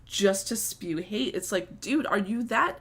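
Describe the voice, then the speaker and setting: A woman co-hosting a podcast talks in a relaxed, chatty way with a middle-pitched voice. She reacts quickly to her co-host and drops casual swear words. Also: husky. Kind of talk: casual chat.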